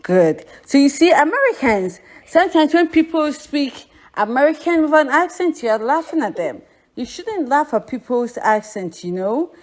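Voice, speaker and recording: A woman's voice: sits high, very animated, moderate pace, a little mellow. A woman with a Ghanaian accent teaching a language lesson, patiently repeating phrases for learners to say back. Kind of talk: language lesson, drilling pronunciation.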